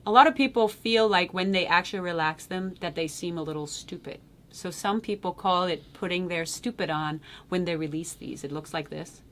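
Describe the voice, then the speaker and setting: A woman's voice: on the low side, normal speed. A woman teaching a voice lesson, explaining singing technique in a chatty way and often checking in with a questioning "yes?". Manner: sings loud vowel demonstrations.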